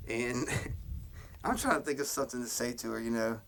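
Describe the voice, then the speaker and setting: Gravelly man telling rambling stories. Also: medium pitch, moderate pace, a bit bright. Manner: rambling, laughing at his own stories. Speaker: podcast co-host. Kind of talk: casual storytelling chat.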